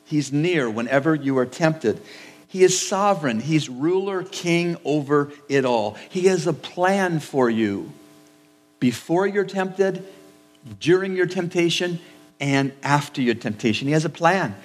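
A man preaching a sermon as pastor, in a measured, repetitive cadence in a church sanctuary. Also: a little high, expressive, long reverb tail, soft background music.

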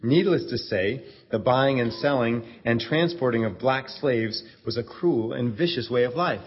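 A man narrating a story in a steady, earnest way, in a dull stage recording. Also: medium pitch, normal speed, breathy edge. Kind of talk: scripted narration. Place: church event stage.

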